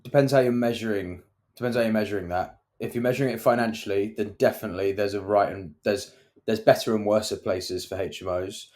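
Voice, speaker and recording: A man with a somewhat low voice co-hosts a property podcast from the UK. He talks in a loose, chatty way and tells anecdotes about site visits. He acts out the people he quotes as he goes. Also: steady tone, brisk, a little mellow. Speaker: podcast co-host, property developer. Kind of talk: casual chat.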